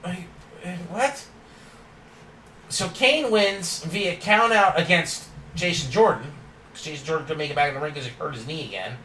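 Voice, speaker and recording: A fairly high-voiced man talks through a wrestling recap, opinionated and quick to rant, laughing as he goes. He sits back from the mic in an echoey room. A faint hum runs behind him. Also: bright, forceful tone, recorded from a distance. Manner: opinionated, ranting, laughs often. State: yawning and tired. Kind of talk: casual recap monologue.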